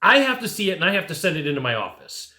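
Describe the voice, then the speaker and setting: A man with a high, forceful voice coaches his listeners with animated, direct talk, often tossing in "right?" to check they follow. His voice rings in a roomy, echoey space. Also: racing. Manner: animated, talks straight to the listener, keeps asking "right?". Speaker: sales coach. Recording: echoey room.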